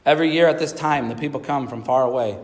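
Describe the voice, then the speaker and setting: A gentle mother donkey, patient and loving, as a man puts her on in a storybook. She speaks softly and calmly, her voice a touch lower and quieter than the narration. The sound rings out in a long hall reverb. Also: quick pace, natural voice. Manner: soft, calm, reassuring.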